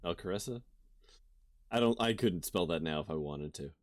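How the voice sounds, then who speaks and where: A man's voice: sits low, expressive, normal speed, no room sound. A man streaming a let's play of a visual novel, reading the text aloud and stopping to joke about it. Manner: reads narration, then breaks off to laugh and joke. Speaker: game streamer.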